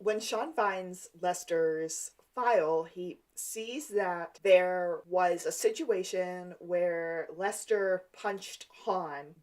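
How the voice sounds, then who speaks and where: A woman co-hosting a rewatch podcast, walking through the plot in a relaxed, conversational way. She retells scenes by quoting the characters' lines as she goes. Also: lowish voice. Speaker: podcast co-host. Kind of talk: casual recap chat.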